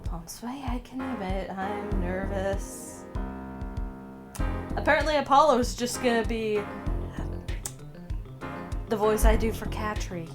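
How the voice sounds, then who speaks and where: A woman's voice: medium pitch, slow pace, long pauses, over music. A woman streamer chatting casually through a game, laughing often and swearing now and then, with a slight cough as she gets over being sick. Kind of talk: casual let's-play commentary.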